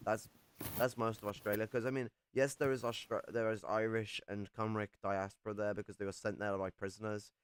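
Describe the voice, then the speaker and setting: A man's voice: fairly low pitch, little pitch movement, brisk, smooth, no room sound. A young man from England in casual chat, rambling and swearing a lot as he talks.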